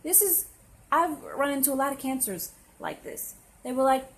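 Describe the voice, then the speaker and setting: A woman's voice: sits high, moderate pace, creaky, low-quality recording. A young woman, talking to camera in a blunt, sassy, opinionated monologue. She often acts out the people she talks about. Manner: blunt and sassy, with voiced impressions of others. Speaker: astrology vlogger.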